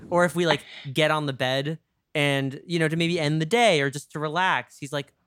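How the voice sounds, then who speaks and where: A man's voice: a little high, fairly even intonation, moderate pace, a bit bright, smooth, no room sound, studio quality. Chatty man with a New York accent. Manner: chatty, laughs often, many fillers. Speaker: podcast host. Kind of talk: casual interview chat.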